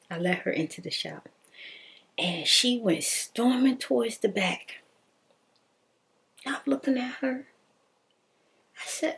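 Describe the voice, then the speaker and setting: Slow, husky woman telling a story. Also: on the high side. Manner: animated, laughs often, slangy. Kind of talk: casual personal storytelling.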